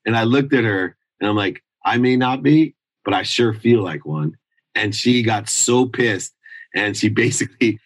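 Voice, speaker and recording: A man's voice: on the low side, dry recording, poor audio. A middle-aged man telling a candid life story in an interview, intense and confessional, acting out the people he quotes. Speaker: guest.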